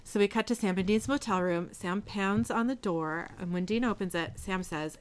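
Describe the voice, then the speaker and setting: A woman's voice: mid-range voice, normal speed, few pauses, a little hiss or hum. A woman co-hosting a podcast, chatting casually and retelling an episode scene by scene, quoting the dialogue plainly. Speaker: podcast co-host. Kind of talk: casual chat and episode recap.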